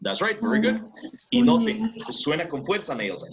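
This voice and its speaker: A man's voice: high-pitched, big pitch swings, normal speed, noisy background. A man teaching an English class online, switching between Spanish and English and explaining patiently step by step, checking often that students follow.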